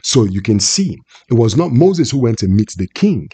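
A man's voice: mid-range voice, very animated, moderate pace, warm tone, husky. A preacher giving a prophetic sermon, emphatic and repetitive, often asking his listeners questions. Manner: emphatic, repeats phrases and asks the listeners questions.

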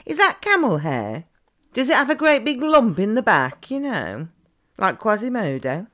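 A woman runs a casual reaction vlog. Her talk is cheeky and chatty, full of teasing asides, and her pitch swings widely up and down as she goes. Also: sing-song, normal speed, a bit bright. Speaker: reaction vlogger.

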